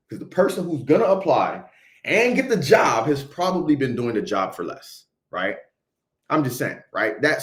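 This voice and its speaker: A young man with a Haitian accent tells a story on a livestream, talking emphatically in slang and often checking in with "right?". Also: mid-range voice. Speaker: videographer telling a story on a livestream. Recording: roomy echo.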